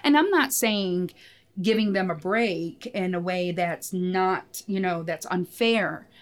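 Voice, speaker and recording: A woman's voice: fairly low pitch, slow pace. A woman who teaches special education, a guest speaking thoughtfully and earnestly in a casual interview, with hesitant restarts.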